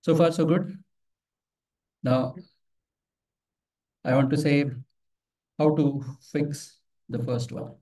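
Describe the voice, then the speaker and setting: A man's voice: on the high side, fairly even intonation, takes it slowly, pauses often, warm tone. A man giving a live tech demo at a meetup, talking casually, telling anecdotes and asking the audience questions. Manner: conversational, tells anecdotes, asks the audience questions. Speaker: meetup presenter. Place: office meeting room. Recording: voice from far off the mic.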